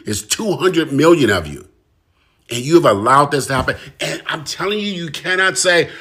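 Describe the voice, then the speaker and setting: A man's voice: medium pitch, animated, normal speed, sharp tone, breathy edge. A man delivering an impassioned, emphatic monologue straight to his audience, hammering points home with repetition. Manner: direct, emphatic, repeats phrases for emphasis. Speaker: commentator.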